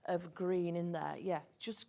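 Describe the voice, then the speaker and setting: A woman's voice: lowish voice, steady tone, a little slow, vocal fry. A woman with a Yorkshire accent chatting about fabrics on a shopping channel, rambling with frequent restarts. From Yorkshire, England. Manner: warm, rambling, with restarts and laughs. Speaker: craft designer guest presenter. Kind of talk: casual on-air sales chat.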